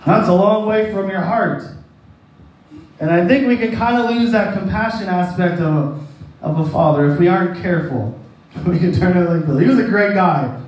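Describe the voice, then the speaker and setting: Folksy high-voiced man preaching in echoey hall. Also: moderate pace, darkish tone. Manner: rambling, folksy, laughs at own jokes. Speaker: pastor. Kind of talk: sermon with a personal story. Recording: echoey hall, distant mic.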